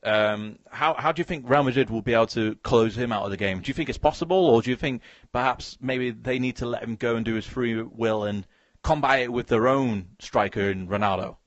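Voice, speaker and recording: A man's voice: mid-range voice, no room sound, highs cut off. A man hosting a casual football chat, stumbling over words and putting questions to his co-host. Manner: halting, restarts words, asks questions. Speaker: podcast host.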